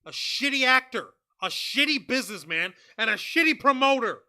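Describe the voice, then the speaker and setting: Blunt, cursing high-voiced male co-host. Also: expressive, moderate pace, pushed and bright, clear, resonant tone. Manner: blunt, profane, sarcastic. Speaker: podcast co-host. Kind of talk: casual wrestling review chat.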